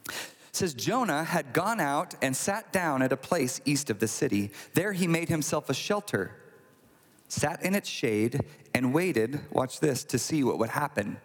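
A man preaching a sermon, retelling a scripture story in a conversational, animated way with acted asides. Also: a little high, measured pace. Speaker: pastor. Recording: long hall reverb.

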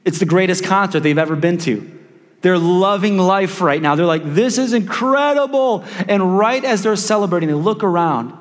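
A male pastor delivers a sermon in a lively storytelling manner, slipping into playful asides and stumbling restarts as he goes. His voice sits a little high for a man. The sound carries a long, hall-like reverb, as if from a church sanctuary. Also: moderate pace.

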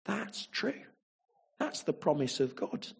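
Husky male preacher. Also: fairly high pitch, sing-song, slow pace. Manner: emphatic, with frequent rhetorical tag questions. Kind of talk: sermon.

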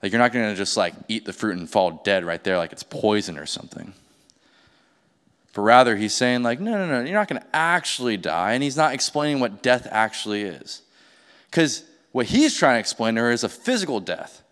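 A man's voice: lowish voice, lively intonation, moderate pace, fairly bright tone, clear, resonant tone. A male pastor preaching a sermon in a conversational way, often asking the audience rhetorical questions. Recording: long hall reverb.

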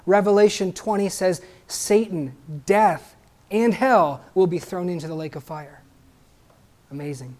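A man's voice: high-pitched, measured pace, darkish tone. A man preaching a sermon emphatically, asking the congregation questions and adding joking asides.

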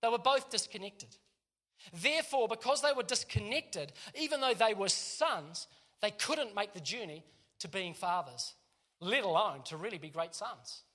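High, bright-voiced New preacher. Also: male voice, normal speed. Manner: lively storytelling with joking asides to the congregation. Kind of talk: sermon.

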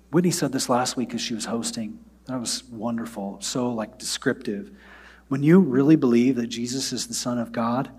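Man, husky voice, mid pitch, preaching a sermon, emphatic bursts, hushed prayer. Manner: swings from loud emphatic preaching to soft near-whispered prayer. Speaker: pastor.

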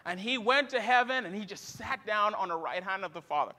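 A man's voice: sits high, expressive, a little fast, pushed and bright, in a large hall. A man preaching a sermon as pastor, in a conversational style that mixes scripture with personal stories.

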